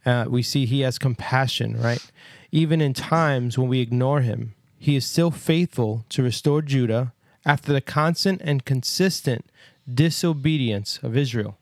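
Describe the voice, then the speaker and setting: A man's voice: medium pitch, unhurried, no echo, studio quality. A man co-hosting a casual Bible discussion podcast, talking earnestly and emphatically, often checking in with "right?". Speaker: podcast co-host.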